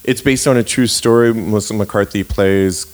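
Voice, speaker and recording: A man chatting casually, gushing and telling stories with animated enthusiasm. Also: fairly low pitch, normal speed. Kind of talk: casual chat.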